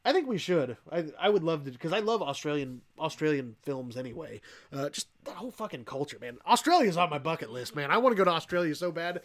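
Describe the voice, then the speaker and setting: A young male host on a casual livestream, talking in a loose, rambling way with plenty of swearing. His voice sits a little high for a man. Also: big pitch swings, quick pace. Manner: rambling, profane, laughs often. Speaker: podcast host.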